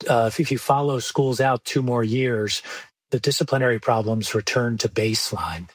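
A man who is a professor, explaining research findings in a measured, precise way with occasional fillers. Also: mid-range voice, slightly rough, no room sound.

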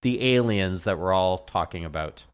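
A man's voice: sits low, moderate pace, smooth. A man, a veterinarian, chatting casually on a radio show, rambling and often repeating his words. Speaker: veterinarian guest.

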